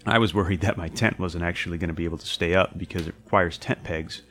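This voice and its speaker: Deep-voiced young man, rambling and profane. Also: fast, fairly bright tone. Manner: rambling, profane, full of fillers and restarts. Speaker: podcast co-host recounting a hiking trip. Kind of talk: casual chat.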